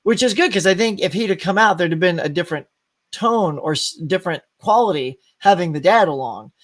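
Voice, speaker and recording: A man with a high-pitched voice talks eagerly as a guest on a casual live stream. His delivery is chatty and enthusiastic, and he strings his thoughts together in long, easy runs. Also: lively intonation, fairly quick. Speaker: guest host.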